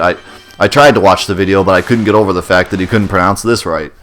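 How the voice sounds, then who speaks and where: A man's voice: sits low, steady tone, fast, a bit bright, soft background music. A young man hosting a let's play, chatting casually and rambling in a self-deprecating way as he plays. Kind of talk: casual gameplay commentary.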